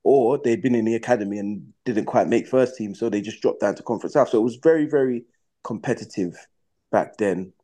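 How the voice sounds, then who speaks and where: A man's voice: on the low side, fairly quick, warm tone. A young man, a footballer guest on a podcast, telling his career stories casually, with slang, and acting out his own past reactions. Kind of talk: casual storytelling in a podcast interview.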